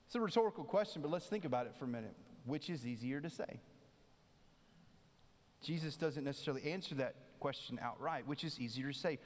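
Guy preaching a sermon, chatty, does little voices for people, kinda high voice, long hall echo. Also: fairly quick. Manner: conversational, acts out quoted voices. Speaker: pastor.

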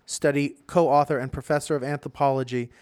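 A man co-hosting a comedy podcast, reading a news item slowly and deliberately. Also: mid-range voice, fairly even intonation, darkish tone, clean tone, dry recording, clean studio sound. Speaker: podcast co-host.

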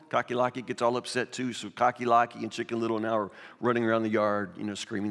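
A man's voice: mid-range voice, flat delivery, fairly quick, gravelly, few pauses, a bit bright. A man preaching a sermon, first reading scripture aloud, then telling a children's fable in a loose, repetitive way. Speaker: pastor. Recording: long reverb of a hall.

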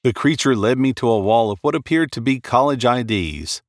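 A man narrating a first-person horror story in a dramatic, expressive read. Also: medium pitch, normal speed, dry recording, clean studio sound.

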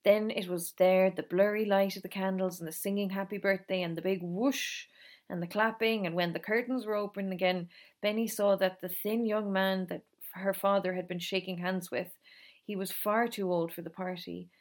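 A woman reading a novel aloud in a calm, steady storytelling manner. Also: mid-range voice, normal speed. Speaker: reader.

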